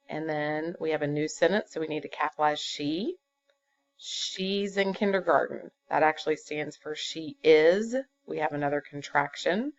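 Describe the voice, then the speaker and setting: A woman teaching a fifth-grade grammar lesson, patient and explaining step by step with fillers. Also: deep voice. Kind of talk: recorded classroom grammar lesson. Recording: dull lo-fi computer recording.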